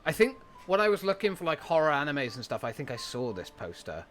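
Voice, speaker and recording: A man's voice: on the high side, sing-song, brisk, hardly any pauses, fairly bright tone, soft background music. A man streaming casually, chatting with enthusiasm, swearing freely and thinking aloud as he goes through his anime list.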